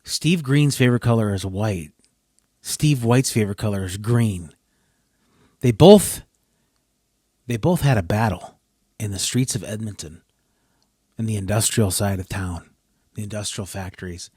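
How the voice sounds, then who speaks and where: Frustrated rambling man, low voice. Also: measured pace, pauses often, dark tone, slightly rough, no room sound, studio quality. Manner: frustrated, rambling, self-interrupting. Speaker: podcast host. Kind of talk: rambling solo podcast.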